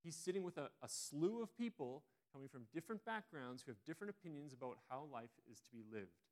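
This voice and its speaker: A man preaching a sermon, retelling a story in a relaxed, conversational way with frequent restarts. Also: fairly high pitch, fast.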